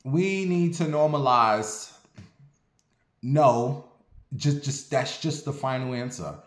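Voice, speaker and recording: He's a man in his forties who vents and tells stories in a blunt, sassy, profane way. His pitch sits in the middle range, and a roomy echo hangs around his voice. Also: takes it slowly, slight background noise. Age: 40s. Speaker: vlogger. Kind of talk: casual storytelling monologue.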